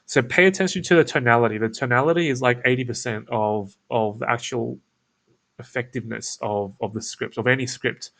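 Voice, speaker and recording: An Australian man talks through a sales technique in a relaxed, low-key teaching voice. His voice is gravelly with a creaky fry, kept deliberately calm and toned down, never pushy. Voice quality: creaky, croaky low delivery. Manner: laid-back, toned-down, flat on purpose. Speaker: agency owner teaching cold calling. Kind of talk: casual instructional talk with demo lines.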